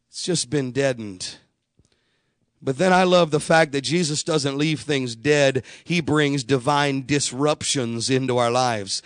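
A man preaches a sermon in a high, bright voice. He tells the story with lively emphasis and acts out the voices of the people in it. The sound is close and dry, with no room echo. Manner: animated storyteller acting out quoted voices. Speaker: pastor.

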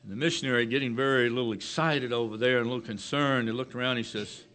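A man preaching a sermon, slow and emphatic, rising to loud declarations and dropping to hushed phrases. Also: mid-range voice, fairly even intonation.

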